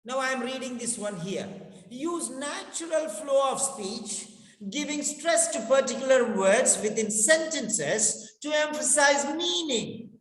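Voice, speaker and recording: A spoken English teacher giving a classroom lecture, repeating key phrases slowly and speaking directly to students. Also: high-pitched, expressive. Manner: instructive, addresses students directly. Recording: echoey hall with long reverb.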